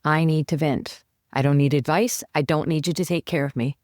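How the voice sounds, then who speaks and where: Talking fairly quickly, a woman coach on a podcast gives animated, conversational advice and performs her inner voice aloud. Her voice is low-pitched and darkish with a steady tone, captured in clean studio sound with no room noise.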